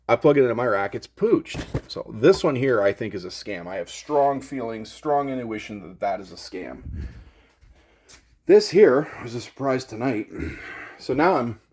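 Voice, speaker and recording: A man venting in an unscripted vlog from his home studio, rambling with fillers and restarts. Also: on the low side. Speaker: gear vlogger.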